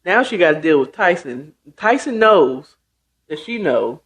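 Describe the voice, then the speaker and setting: A woman's voice: on the low side, sing-song, breathy edge. A woman hosting a show and casually retelling a book chapter, chatty with many asides. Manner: slow, chatty, full of asides. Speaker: host. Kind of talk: casual storytelling recap.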